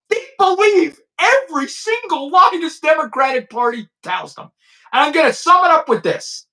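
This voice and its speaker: A man's voice: very high voice, wildly swooping pitch, a little fast, bright, forceful tone. A man, a former police chief, ranting blunt and profane commentary straight to his viewers.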